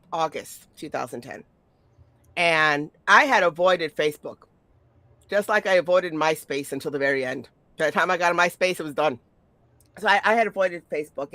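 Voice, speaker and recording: A woman in her forties, the podcast host, telling casual stories in an animated, profane way with stumbling repetitions. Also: lowish voice, dry recording. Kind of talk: casual storytelling chat.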